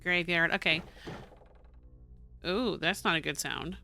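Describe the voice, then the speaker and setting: A woman's voice: fairly low pitch, animated, very slow, long pauses, bright, forceful tone, soft background music. A woman casually commenting while playing a puzzle game, thinking aloud, counting and reading notes. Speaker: gaming streamer.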